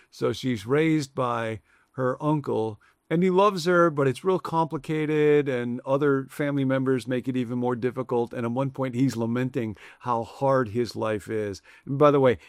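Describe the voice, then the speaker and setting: Male pastor, gravelly voice, mid pitch, conversational reflective sermon, dry sound. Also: a little mellow, dry recording. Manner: reflective, conversational preaching with varied emphasis.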